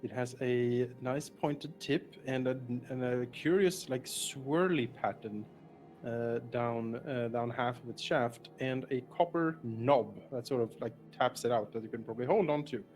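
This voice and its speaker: A man narrating a tabletop game as dungeon master. He describes what the players find in a mid-range voice, pausing often to search for words. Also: mid-range voice, a little mellow, soft background music. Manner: descriptive, pauses with many fillers.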